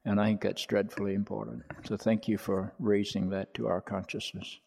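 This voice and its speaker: A clergyman addressing an audience, answering questions in a forceful, emphatic manner and repeating key phrases for effect. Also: fairly low pitch, flat delivery, normal speed, vocal fry. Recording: long hall reverb.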